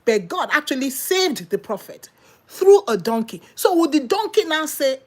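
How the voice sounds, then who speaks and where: Fiery high-voiced woman preacher. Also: normal speed. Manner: animated, exclamatory, rhetorical questions and sudden laughs. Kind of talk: impassioned sermon.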